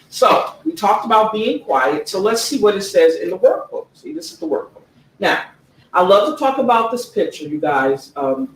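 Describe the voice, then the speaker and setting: Woman author, earnest book talk, slow emphatic read-aloud, distant mic with faint noise. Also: low-pitched, reverberant. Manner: earnest, slow emphatic reading, frequent "okay?" check-ins. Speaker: author presenting her own book.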